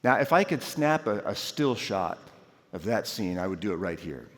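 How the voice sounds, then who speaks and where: A man telling a lively personal story as a chapel speaker, acting out his own shouts along the way. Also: fairly low pitch, normal speed. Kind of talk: storytelling sermon. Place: large university chapel. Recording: long hall reverb.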